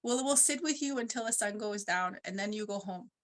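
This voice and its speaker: Gentle little people spirits, as a woman quotes them. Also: mid-range voice, brisk, close to an everyday voice. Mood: reassuring.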